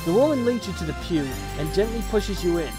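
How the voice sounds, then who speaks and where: A woman's voice: fairly low pitch, animated, fairly quick. A woman playing a text adventure game, reading it aloud and tossing in wry, sweary asides. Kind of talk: reading aloud and commenting while typing. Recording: music playing underneath.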